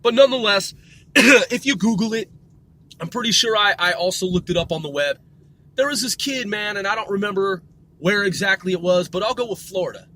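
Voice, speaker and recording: A man in his forties hosts a mobile podcast from a moving car, rambling casually while he drives, swearing a lot and correcting himself. His voice is high, bright and forceful, and he talks a little fast. A slight hiss or hum sits under the recording.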